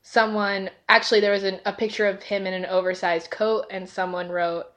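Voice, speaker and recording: A woman's voice: medium pitch, flat delivery, brisk, few pauses, fairly bright tone. A woman co-hosting a podcast in casual chat, talkative and giggly, with lots of fillers. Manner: chatty and giggly, with many fillers. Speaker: podcast co-host.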